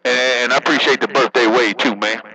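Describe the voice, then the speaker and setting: A man's voice: mid-range voice, steady tone, fast, bright, forceful tone, husky, no room sound, rough recording. A working man chatting casually over a CB radio, joking in loose slang and laughing often. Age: adult, working. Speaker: CB radio operator.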